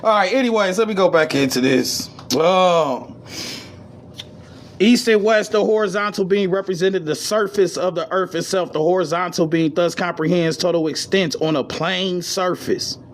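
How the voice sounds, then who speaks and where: A man giving a casual esoteric lecture, reading passages aloud and riffing on them in profane street slang, swinging between high and low registers. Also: moderate pace. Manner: reads passages, then riffs in profane slang.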